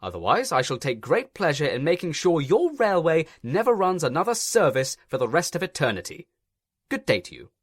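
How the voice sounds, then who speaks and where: A man's voice: fairly high pitch, wildly swooping pitch, a little fast, no room sound, clean studio sound, pitched above the performer's own voice. A man voicing a pompous, stern male railway inspector who talks in a fussy, officious way.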